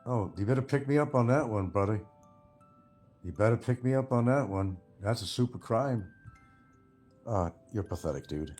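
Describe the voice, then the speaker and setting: A man's voice: on the low side, lively intonation, moderate pace, long pauses, a little mellow, faint music behind. A man hosting a casual livestream and answering viewer comments in a blunt, profane, combative way. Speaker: livestream host.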